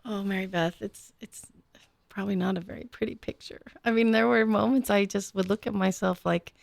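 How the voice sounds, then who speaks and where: Woman, fifties, radio guest, hesitant and self-deprecating, gravelly mid voice. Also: medium pitch, steady tone, brisk, no room sound, clean studio sound. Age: 50s. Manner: reflective and self-deprecating, hesitant restarts, laughs often. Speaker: co-host or guest. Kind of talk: conversational radio talk show.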